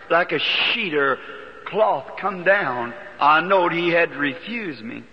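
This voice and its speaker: A man preaching a personal testimony, emotional and pleading, his voice climbing as he prays. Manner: emotional, pleading, rises in pitch when praying. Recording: old muffled sermon tape in a hall.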